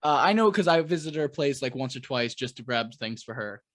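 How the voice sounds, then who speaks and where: A man's voice: medium pitch, lively intonation, brisk. A man hosting a podcast, casually telling a story and swearing freely. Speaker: podcast host. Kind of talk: casual chat.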